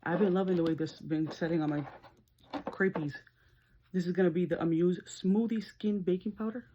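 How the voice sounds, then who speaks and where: With background noise in a muffled recording, a beauty vlogger speaks at a moderate pace while doing her makeup. She's an adult nurse, chatty and animated, laughing as she tells her story and slipping into high-pitched screams when retelling.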